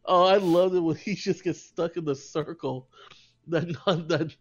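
A man's voice: a little high, steady tone, a little slow. A man co-hosting a podcast in casual chat, rambling through stories and giggling as he goes. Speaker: podcast co-host. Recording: slightly dull lo-fi sound.

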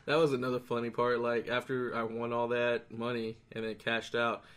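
A young man co-hosting a podcast, chatting casually, laughing often and telling stories with animated bursts. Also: medium pitch, normal speed. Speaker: podcast co-host. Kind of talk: casual chat.

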